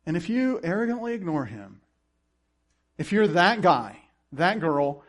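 A man's voice: sits high, a little slow. A pastor preaching a sermon, acting out the people he quotes and laughing now and then. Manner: animated preaching with acted-out quotes and chuckles.

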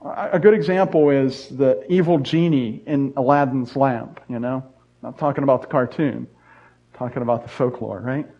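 A man's voice: medium pitch, steady tone, normal speed, dark tone. Middle-aged guy pastor giving a sermon, repeats his points, cracks little jokes, kinda muffled audio. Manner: earnest, repetitive emphasis with joking asides. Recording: dull lo-fi sound.

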